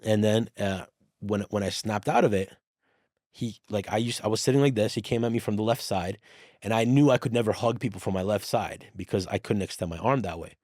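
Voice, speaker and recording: A man guest on a podcast, telling a personal story in casual chat, animated and swearing freely while acting out what others said. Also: on the low side, brisk, no echo, studio quality. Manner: animated, swears freely, acts out quoted dialogue.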